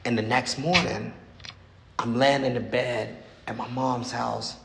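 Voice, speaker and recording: Gravelly man in his sixties, echoey hall. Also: medium pitch, steady tone. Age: 60s. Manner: halting, repetitive, frank storytelling. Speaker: recovery meeting speaker. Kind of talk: personal recovery testimony. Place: meeting hall. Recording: echoey hall with faint noise.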